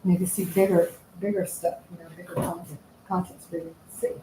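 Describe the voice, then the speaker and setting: A woman's voice: lowish voice, little pitch movement, fast talker, dark tone, slight background noise, low-quality recording. A woman hosting a casual live stream, chatting in a rambling way, laughing often and trailing off mid-sentence. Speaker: livestream host. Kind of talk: casual live chat while working.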